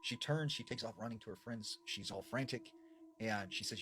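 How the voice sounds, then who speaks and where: A man retelling creepy stories in a dramatic way, sometimes dropping to a hush. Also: fairly low pitch, normal speed, a little hiss or hum. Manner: dramatic, with sudden drops to a hush. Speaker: storyteller.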